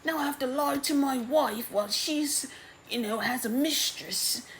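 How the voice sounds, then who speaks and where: An exasperated middle-aged prince, shrill and incredulous, hurling curses at his daughter in a voice pitched far above the speaker's own, as a woman puts him on. The voice sounds strained and pushed, with a distant, altered timbre, and a faint hum hangs behind it. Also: a little slow, a bit bright.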